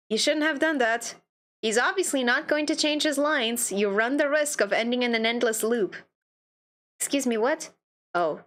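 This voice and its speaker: A woman streams a game, reading its dialogue aloud and playfully reacting with laughs between lines. Her high voice is expressive and a bit bright, at a normal speed.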